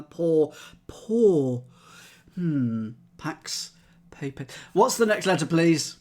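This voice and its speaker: A man's voice: fairly high pitch, animated, drawn-out words, darkish tone. A man streaming, thinking aloud as he solves a crossword and chats with his live chat, methodically trying out letters and words.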